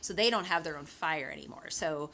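A young woman co-hosting a casual book podcast, chatty and laughing easily, her voice jumping up when excited. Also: low-pitched, brisk, creaky, a little hiss or hum. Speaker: podcast co-host.

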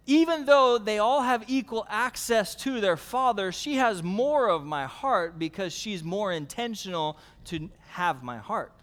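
A middle-aged male pastor preaching a sermon, telling family stories with animated, repetitive, building phrases in a church service. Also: high voice, unhurried, hardly any pauses, long reverb tail.

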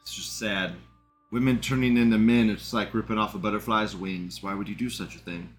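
A man's voice: fairly low pitch, steady tone, a little fast, faint music behind. A man hosting a live stream, reading chat comments aloud and commenting in a rambling, indignant way, swearing and laughing often.

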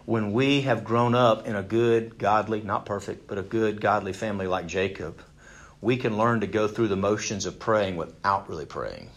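A man's voice: fairly low pitch, normal speed. A man teaching a Bible passage to a group in a conversational way, often asking them questions and repeating words as he restarts. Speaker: Bible study leader.

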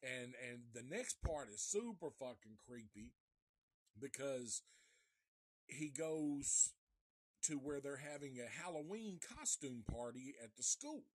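A man casually reviewing a horror film live, retelling the plot in a profane, animated way. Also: medium pitch, slow pace, dry recording, studio quality. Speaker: movie reviewer.

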